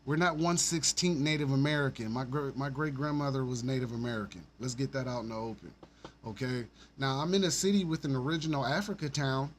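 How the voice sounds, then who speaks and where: This Alabama man hosts a casual livestream with a quick, mid-range voice and a little background noise. He talks bluntly and animatedly, swearing and laughing often.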